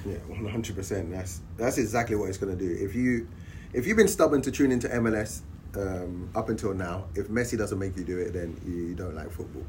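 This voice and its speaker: A man with a London accent, a retired footballer, chatting as a guest with animated, laughing delivery. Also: on the low side, fairly quick, slight background noise. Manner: animated, laughing, swears casually. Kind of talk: casual interview chat.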